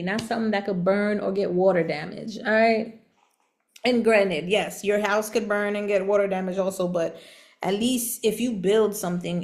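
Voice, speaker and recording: A woman giving a casual tarot reading, chatty and animated, laughing often and using relaxed slang. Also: medium pitch. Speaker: tarot reader.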